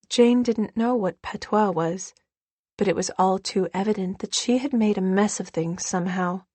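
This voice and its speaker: A woman's voice: mid-range voice, normal speed, darkish tone, husky, no echo. Woman narrating in a dry, close voice. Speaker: audiobook narrator. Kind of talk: scripted narration.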